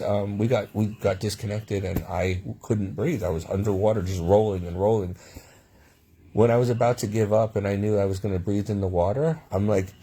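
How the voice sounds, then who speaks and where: A man with a lowish, dark, slightly rough voice rambles through stories from his own life. He keeps restarting and wandering into asides in this personal storytelling monologue.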